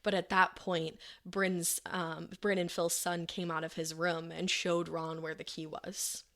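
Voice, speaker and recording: A woman with a low, gravelly voice hosts a podcast. She tells a true-crime story in a loose, conversational way, filling it with "like" and slipping into the voices of the people involved. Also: level tone, measured pace, fairly bright tone. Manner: conversational, frequent "like" fillers, acts out quotes. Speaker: podcast host.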